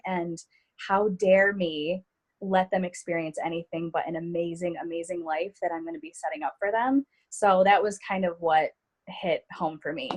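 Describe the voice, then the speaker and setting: A woman enthusiastically sharing motivational takeaways in a casual way, filling her talk with "like" and "you know". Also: on the low side. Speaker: team member sharing takeaways.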